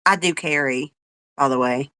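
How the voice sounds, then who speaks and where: A woman's voice: low-pitched, normal speed, bright, forceful tone, clear, resonant tone, no echo, low-quality recording. A woman hosting a livestream, delivering an angry, profane, confrontational rant at someone she calls out. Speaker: livestream host.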